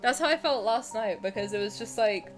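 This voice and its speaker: A woman's voice: a little high, expressive, a little fast, faint music behind. A young woman streamer chatting casually and candidly while she plays a game, joking and swearing freely. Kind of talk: casual live-stream chat while gaming.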